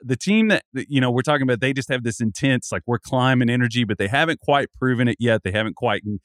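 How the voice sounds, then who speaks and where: A man's voice: medium pitch, quick pace, fairly bright tone, no echo, studio quality. A man co-hosting a casual sports podcast, rambling through his thoughts with frequent restarts. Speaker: podcast co-host.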